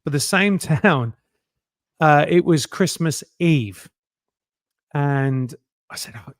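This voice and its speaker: A middle-aged man, a guest telling lively anecdotes and acting out other people's lines in a casual interview. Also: fairly high pitch, takes it slowly, no echo, clean studio sound. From England.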